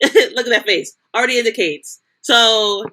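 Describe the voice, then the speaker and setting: A woman's voice: a little high, normal speed, bright, forceful tone. A young woman co-hosting a podcast in casual chat, rambling and restarting her sentences. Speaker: podcast co-host.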